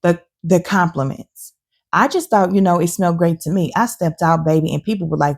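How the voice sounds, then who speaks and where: A woman hosting her own channel, giving casual, opinionated and animated reviews of her perfume collection. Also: fairly low pitch, fairly quick, gravelly, breathy edge. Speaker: fragrance reviewer and channel host. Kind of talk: casual talking-head review.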